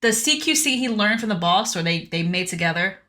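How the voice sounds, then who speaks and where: A woman's voice: mid-range voice, lively intonation, fairly quick, pushed and bright. A woman co-hosting a podcast, recapping a game in casual, playful chat with frequent laughs. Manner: playful, laughs often, dry quips. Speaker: podcast co-host.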